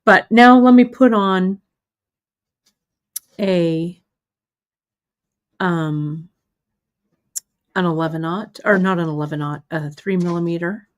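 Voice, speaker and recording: A woman's voice: on the low side, slow pace, long pauses. A middle-aged woman demonstrating beadwork live, chatty and self-deprecating as she talks through her own mistakes while she works. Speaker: beading instructor.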